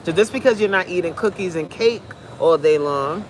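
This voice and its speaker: A woman's voice: lowish voice, normal speed, a little hiss or hum. A fitness coach, a woman, giving a blunt, preachy, joking pep talk on a live stream.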